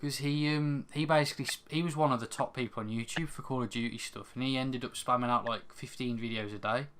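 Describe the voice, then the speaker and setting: A man's voice: medium pitch, steady tone, fast, fairly bright tone, slight background noise. A young man co-hosting a podcast, telling stories in casual chat with hesitant restarts. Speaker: podcast co-host.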